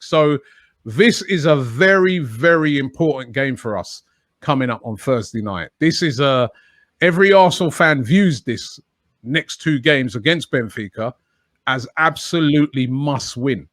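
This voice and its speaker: Male podcast guest, mid pitch, emphatic and conversational, dry recording. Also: moderate pace, a bit bright, no room sound. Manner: chatty, emphatic, frequent "you know". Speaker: guest, fan channel presenter. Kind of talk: podcast interview answers.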